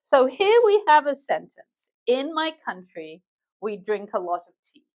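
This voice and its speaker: A woman with a London accent delivers an online English lesson in a slightly high voice. Her teaching is clear and patient, and she explains each point step by step. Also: sing-song, a little slow, darkish tone, poor audio. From England.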